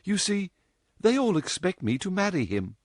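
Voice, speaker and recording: A man doing a chattering, teasing young woman, high and lively. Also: normal speed, dry recording, clean studio sound. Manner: chattering, playful, mock-dramatic.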